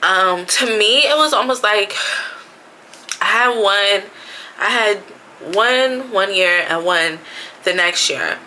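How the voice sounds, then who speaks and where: Bright-voiced woman chatting casually. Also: medium pitch, animated, takes it slowly, pauses often, slight background noise, rough recording. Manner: chatty, frequent fillers "like" and "you know". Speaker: vlogger, expecting mother. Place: bathroom at home.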